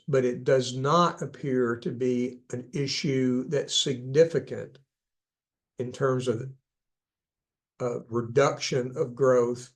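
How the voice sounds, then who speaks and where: A man with a gravelly, slightly creaky voice talks through a clinical topic in a loose, conversational lecture. He corrects himself mid-sentence and throws in casual asides, keeping the tone of a clinician explaining things to parents. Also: mid-range voice. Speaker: speaker on ADHD, clinician.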